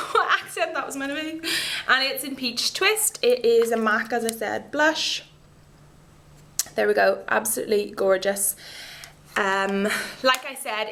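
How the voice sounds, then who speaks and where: A beauty vlogger with a pushed, bright, rather high voice chats casually and enthusiastically about her favourite makeup products. She rambles off on asides while demonstrating them to the camera.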